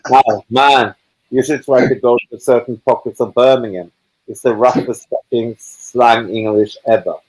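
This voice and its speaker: A man's voice: mid-range voice, steady tone, normal speed, darkish tone, poor audio. Blunt rambling man in casual chat. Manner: blunt, swearing, rambling with restarts. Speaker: live chat participant. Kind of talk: casual group video chat.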